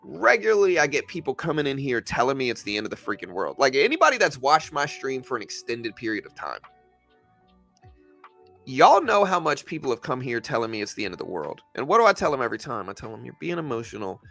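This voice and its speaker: A man on a casual livestream argues with viewers in a bright, forceful voice. His pitch swings all over as he talks back to them, stumbling and repeating himself. Faint music plays underneath. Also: big pitch swings, fast, creaky. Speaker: livestream host. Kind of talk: casual livestream market commentary answering chat.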